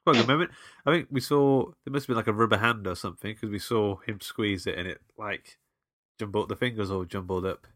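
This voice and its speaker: Guy, lowish voice, easygoing podcast co-host, dry close mic. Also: a little fast, fairly bright tone, dry recording. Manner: laid-back, hesitant, lots of fillers. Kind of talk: casual film review chat.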